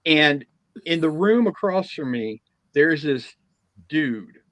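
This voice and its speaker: A man co-hosting a podcast, telling a funny anecdote in a casual, lively way. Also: on the high side, takes it slowly, dry recording, low-quality recording. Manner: animated anecdote-teller, chuckling through his story. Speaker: podcast co-host. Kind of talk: casual chat, storytelling.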